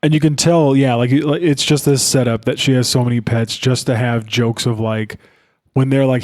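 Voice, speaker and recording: A man's voice: mid-range voice, darkish tone. Laid-back man co-hosting a film podcast. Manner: laid-back, loose, says dude a lot. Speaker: podcast co-host. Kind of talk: casual film chat.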